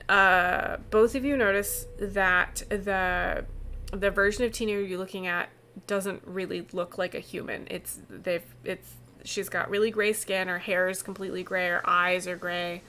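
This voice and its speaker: A woman narrating as game master of a tabletop game in an unhurried, hesitant way, with many fillers. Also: medium pitch, fairly even intonation, pushed and bright, slight background noise.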